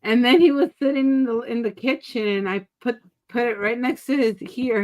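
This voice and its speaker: A woman in casual chat, telling stories in an animated way as a co-host on an online stream. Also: on the high side, moderate pace, few pauses. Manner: animated storyteller. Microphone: online stream call.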